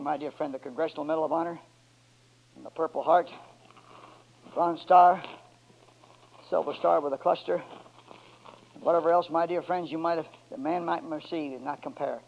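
A high-voiced man preaches a sermon, dropping low and quiet and then climbing to loud, stretched-out shouts. The recording sounds dull and lo-fi. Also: creaky. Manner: drawn-out emphatic words in call and response.

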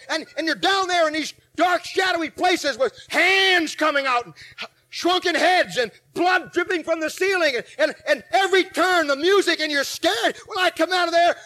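Forties male pastor, high and bright, acts out his stories between loud bursts and quiet asides. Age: 40s. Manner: animated storytelling, acting out scenes, swinging from shouts to low asides. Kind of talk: sermon.

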